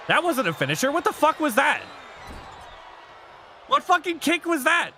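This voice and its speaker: Excitable high-voiced gaming streamer. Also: male voice, normal speed, long pauses, some chatter behind, slight background noise. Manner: excitable, swears, baby-talks to pets. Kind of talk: casual gaming commentary.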